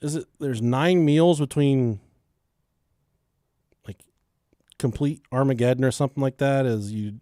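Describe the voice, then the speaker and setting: A man co-hosting a podcast, telling crude stories loudly with lots of swearing and laughter. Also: medium pitch, a little slow, long pauses, no room sound, clean studio sound. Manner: loud storytelling, swears and laughs often. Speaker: podcast co-host. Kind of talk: crude casual banter.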